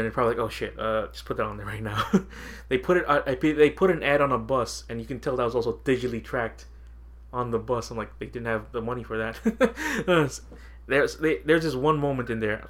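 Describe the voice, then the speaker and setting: A man's voice: mid-range voice, expressive, fast talker, fairly bright tone. A man co-hosting a podcast in casual chat, rambling and laughing often as he quotes his own reactions. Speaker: podcast co-host.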